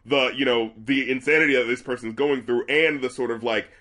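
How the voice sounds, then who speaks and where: A young man co-hosting an album review podcast, talking in animated casual chat with lots of fillers, restarts and swearing. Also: medium pitch, brisk.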